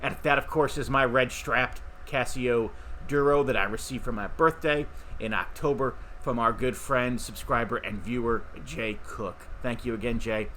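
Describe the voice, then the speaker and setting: Bright-voiced middle-aged male host. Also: mid-range voice, fairly even intonation, normal speed, slight background noise. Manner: rambling, chatty, with fillers and restarts. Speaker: podcast host. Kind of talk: casual talk to camera.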